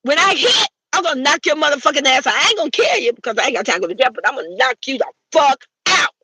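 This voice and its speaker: A woman's voice: high-pitched, sing-song, very fast, bright, forceful tone, slight background noise, poor audio. A woman, delivering a heated, profane, trash-talking rant as a commentary vlogger. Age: 60s. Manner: brash, swearing, trash-talking.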